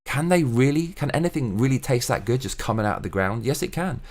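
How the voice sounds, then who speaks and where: A man's voice: mid-range voice, expressive, fairly quick, darkish tone. A young man hosting his own show, talking in a casual solo monologue that is profane, ranting and opinionated. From England. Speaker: show host.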